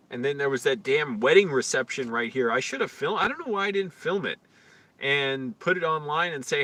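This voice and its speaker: A man's voice: on the high side, animated, a little fast, pushed and bright. A man talking to his own camera outdoors in a casual, rambling vlog, crude and complaining. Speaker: vlogger. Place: outdoors on the street.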